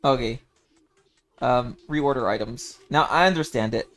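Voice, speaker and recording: A man's voice: medium pitch, unhurried, a bit bright. A young man streaming a casual chat as a playful, giggly, self-deprecating cat-boy persona.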